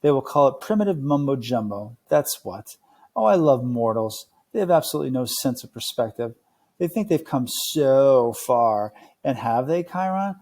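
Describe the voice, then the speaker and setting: A haughty, impatient camp director who scoffs at everything, as a man reading aloud puts him on. The voice has a gravelly edge and sits at an ordinary pitch. He talks down to everyone at the table. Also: lively intonation, normal speed, darkish tone. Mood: scornful. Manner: scornful, scoffing.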